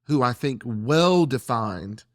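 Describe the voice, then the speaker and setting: A man hosting a faith-based discussion, speaking in an earnest, measured and reflective way. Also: mid-range voice, lively intonation, no echo, clean studio sound. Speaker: church podcast host.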